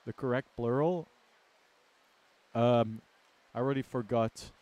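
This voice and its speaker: A man's voice: mid-range voice, unhurried, darkish tone, no room sound. A man chatting casually while streaming a game, goofy and self-mocking, sometimes humming to himself. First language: Dutch. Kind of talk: casual let's-play chat. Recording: game music playing behind.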